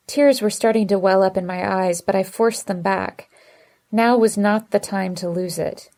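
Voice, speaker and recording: A woman narrates a romance novel in the first person, with expressive and emotive delivery. Her voice sits in a mid range. She reads in a steady storytelling manner. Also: mid-range voice, normal speed. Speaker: audiobook narrator.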